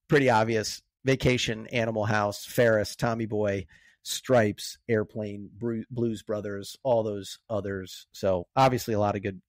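A man's voice: on the low side, no echo. A man co-hosting a movie podcast in loose, chatty talk that speeds up in bursts. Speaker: podcast co-host. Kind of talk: casual movie chat.

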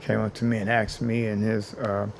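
Creaky-voiced man telling his story. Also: fairly low pitch, level tone, normal speed, a little hiss or hum. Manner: earnest, builds points by repeating phrases. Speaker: interview guest, housing activist. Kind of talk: personal storytelling in an interview.

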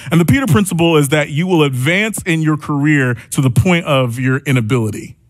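A man's voice: on the high side, fairly bright tone, no echo. A man preaching a sermon in a casual, conversational way, acting out little dialogues and asides as he teaches. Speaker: pastor.

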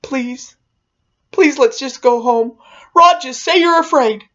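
A frightened young boy in a told ghost story pleads to leave, his voice pitched up and pushed louder than the narrator's own. A woman acts him out, and he sounds desperate and insistent. The recording is dull and lo-fi. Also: slow. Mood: pleading.

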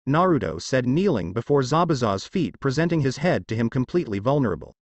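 A man's voice: mid-range voice, sing-song, a little fast, hardly any pauses, darkish tone, dry recording. A man narrating a fan fiction story in a plain read-aloud manner.

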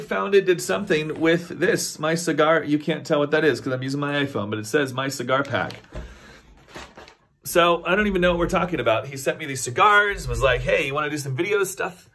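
A man casually vlogging at home, sleepy and rambling in a low-key, self-deprecating way. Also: sharp tone, a little hiss or hum. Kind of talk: casual vlog chat. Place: at home, indoors. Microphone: camera or phone on a stand.

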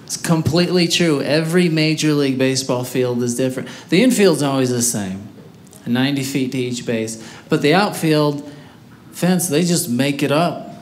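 A man's voice: on the high side, normal speed, slight background noise. A man doing a matter-of-fact stand-up routine that builds to mock outrage, on a comedy stage. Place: comedy stage before a live audience.

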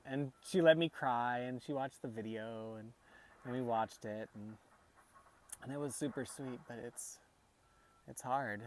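Brief: man, 30s, vlogger and dad, slow halting grief talk, mid pitch. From United States. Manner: soft, halting, tearful speech with many restarts. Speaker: vlogger and father. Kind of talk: emotional personal vlog.

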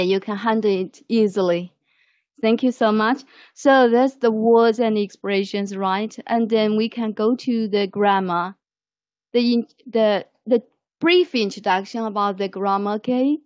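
A woman teaching an online English lesson, praising her students warmly and guiding them patiently. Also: medium pitch, dry recording. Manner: lavish praise, slow and patient. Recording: muffled online call audio.

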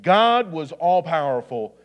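Male preacher, high voice, scripture reading with restarts, reverberant church hall. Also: sing-song, slow pace. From Indiana. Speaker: assistant pastor. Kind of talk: sermon. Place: church sanctuary.

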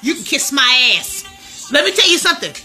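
A woman talks loudly and freely to viewers on a phone livestream, slangy and quick to laugh. Her voice sits high, with a sharp, bright edge. A little music plays faintly behind her. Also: big pitch swings. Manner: loud, laughing, slangy and talking straight to viewers. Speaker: livestream host. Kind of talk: casual livestream chat.

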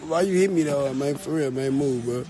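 A man's voice: medium pitch, a little fast, background noise. A young man complaining and swearing in a playful home skit. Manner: whiny, complaining, swears a lot.

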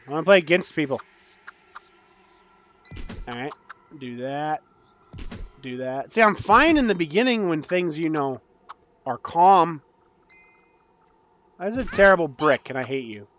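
Excitable high-voiced young man gaming. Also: moderate pace, long pauses. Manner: excitable, panicky outbursts, self-deprecating. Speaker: gaming YouTuber. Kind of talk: casual gameplay commentary.

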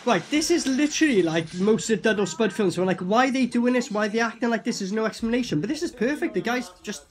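Animated British man reacting to a film. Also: very high-pitched, quick pace, a little hiss or hum. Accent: British English. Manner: animated, swearing, laughing, repeats film lines. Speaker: movie reaction host. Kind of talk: casual film reaction commentary.

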